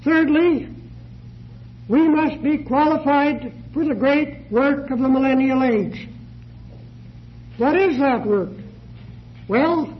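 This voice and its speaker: A man with a very high voice delivers a sermon at an unhurried, deliberate pace, posing questions to his listeners. The sound is dull and lo-fi, with faint hiss underneath, like an old tape recording. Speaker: preacher.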